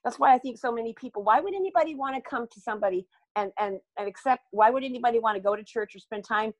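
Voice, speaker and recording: A woman's voice: fairly high pitch, quick pace, dry recording, poor audio. An older woman talking earnestly as a podcast guest, rambling and restarting her sentences as she speaks. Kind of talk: candid podcast conversation.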